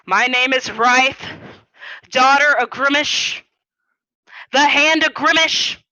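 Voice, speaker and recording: A woman voicing a brash, loud half-orc woman warrior at a tabletop game. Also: medium pitch, expressive, quick pace, dry recording, poor audio. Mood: boastful. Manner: loud and proud.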